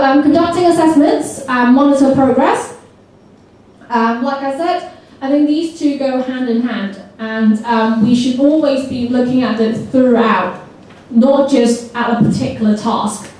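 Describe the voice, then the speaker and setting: A woman whose voice is a little high trains a room of teachers, energetically prompting them to repeat words aloud. The recording was made at a distance in a very echoey hall.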